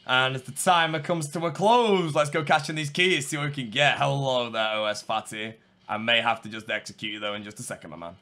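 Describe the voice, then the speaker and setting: A man giving live gameplay commentary, excitable, going from low muttering to loud shouts. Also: brisk, soft background music. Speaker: gamer.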